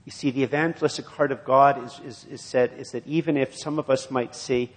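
A man's voice: mid-range voice, fairly even intonation, brisk. A man preaching a sermon and reading scripture aloud, in an earnest, repetitive preaching cadence. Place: church. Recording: long hall reverb.

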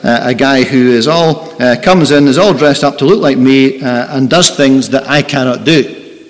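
A man voicing a sheepish father who explains himself hesitantly and softly. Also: medium pitch, normal speed, lightly acted. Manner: hesitant, soft-spoken, stammering. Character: sheepish film-actor father. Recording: long reverb in a large hall.

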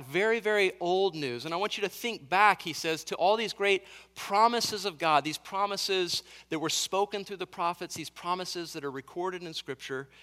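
A man's voice: high-pitched, pushed and bright, big-room sound. A man preaching a sermon as pastor, earnest and emphatic, building on repeated phrases.

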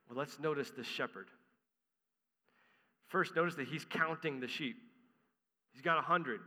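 A man's voice: on the high side, unhurried, pauses often, sharp tone, long reverb tail. A man preaching an earnest sermon, explaining a scripture passage and reading it aloud to his congregation.

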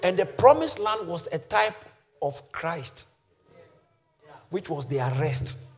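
A male pastor preaching with a high, highly animated voice that leaps from soft, low explanation to loud shouted calls. He teaches scripture in a sermon style, drawing shouted replies from the congregation. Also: takes it slowly. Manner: congregation shouts back responses.

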